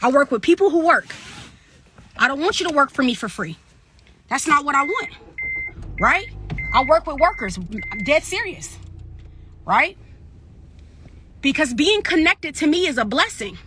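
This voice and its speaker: High-voiced woman preaching real estate motivation. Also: sing-song, normal speed, long pauses, background noise. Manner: preachy, emphatic, repetitive call-and-response. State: getting out of breath. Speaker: real estate coach and agency owner. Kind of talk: motivational livestream talk.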